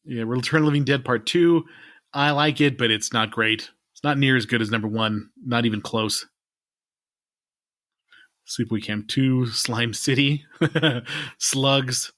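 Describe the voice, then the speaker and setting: A man's voice: mid-range voice, measured pace, pauses often, fairly bright tone, no echo, studio quality. A man co-hosting a podcast, chatting casually with a rambling, laid-back manner that trails off at the ends of lines. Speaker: podcast co-host. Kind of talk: casual chat.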